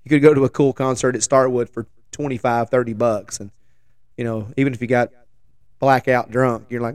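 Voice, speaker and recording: A man in his forties with a hoarse voice after the flu, telling a rambling, joking story as a show host. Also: mid-range voice, steady tone, a little fast, no echo. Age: 40s. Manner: rambling, self-deprecating, joking asides. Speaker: podcast host. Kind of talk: casual storytelling chat.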